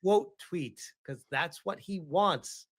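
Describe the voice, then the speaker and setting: A man's voice: high-pitched, slow pace. A man commenting on a stream, dismissive and eye-rolling. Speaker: streamer in a played clip.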